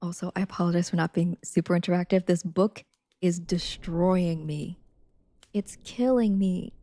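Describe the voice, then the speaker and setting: A woman livestreaming, chatting casually with her viewers and reading a novel aloud, soft-spoken and slipping into whispers now and then. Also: medium pitch, little pitch movement, moderate pace, dry recording. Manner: chatty with viewers, reads steadily.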